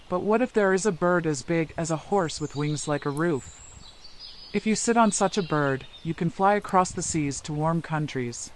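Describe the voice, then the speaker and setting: Male storyteller, slightly high voice, calm even reading of a kids' tale. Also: slight background noise. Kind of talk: scripted story narration.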